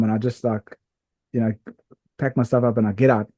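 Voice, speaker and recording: A man co-hosting a podcast, telling a story in a rambling, animated way with lots of fillers and restarts. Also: medium pitch, brisk, no echo. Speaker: podcast co-host. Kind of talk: casual storytelling chat.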